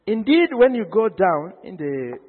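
A man preaching a sermon, telling the story with animated energy and acting out the quoted lines. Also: sits high, measured pace. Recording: phone-like sound in a long-reverb hall.

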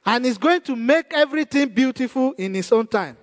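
High-voiced preaching man, echoing church. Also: expressive, fairly quick, hardly any pauses. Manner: emphatic preaching with repeated phrases. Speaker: pastor. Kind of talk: sermon. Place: church hall. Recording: long church hall reverb.

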